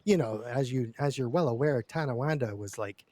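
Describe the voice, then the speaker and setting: A man's voice: medium pitch, normal speed, a little mellow, dry recording. A man telling a long story in character during a roleplay session, rambling and stammering with lots of repeated words and casual swearing.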